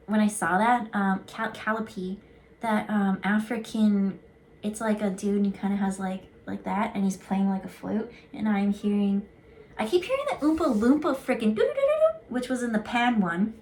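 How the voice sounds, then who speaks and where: A woman's voice: medium pitch, darkish tone. A woman giving a casual channeled card reading as an intuitive, talking in a rambling, chatty way with casual swearing.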